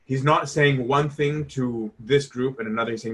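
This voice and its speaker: A man's voice: mid-range voice, normal speed, few pauses, fairly bright tone. A man teaching scripture in a casual, conversational way, emphatic and informal, often asking "right?". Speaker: Bible teacher.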